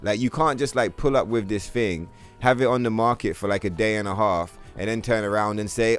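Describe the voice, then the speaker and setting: A man's voice: mid-range voice, brisk, few pauses, smooth, soft background music. A man, streaming a video game and ranting casually, full of swearing and filler words. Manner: profane, rambling rant, heavy on "bro" and "like". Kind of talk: casual livestream commentary.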